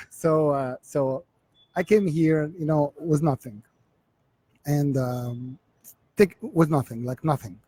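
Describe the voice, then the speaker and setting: Egyptian guy in his 40s, kinda high voice but dark mellow tone, stops and repeats words a lot. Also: breathy edge. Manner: halting, repeats words as he searches for English. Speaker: interview guest, realtor. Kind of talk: casual interview storytelling.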